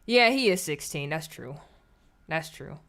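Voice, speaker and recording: A woman's voice: low voice, animated, unhurried, vocal fry, a bit bright. A woman giving blunt, scornful commentary on clips during a live stream.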